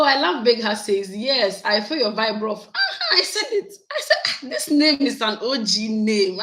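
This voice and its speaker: A woman, chatting casually with her viewers in a vlog, animated and laughing often. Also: mid-range voice, poor audio. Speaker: YouTube vlogger. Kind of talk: casual live chat with viewers.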